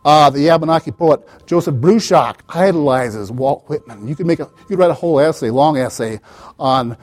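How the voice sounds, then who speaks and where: A man's voice: on the high side, normal speed, darkish tone. A man giving an academic lecture as the author, digressive, with wry asides and many "you know" fillers.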